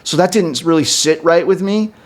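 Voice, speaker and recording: A man telling a story on a podcast, his voice a little high for a man. He talks in a loose, profane, rambling way, full of fillers and restarts. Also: moderate pace. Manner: animated, jumps up in pitch when quoting people. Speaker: podcast co-host. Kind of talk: casual storytelling chat.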